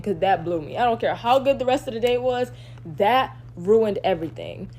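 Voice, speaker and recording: A young woman telling a casual, slangy storytime with an animated, exasperated delivery, as if into a phone. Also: fairly high pitch, moderate pace.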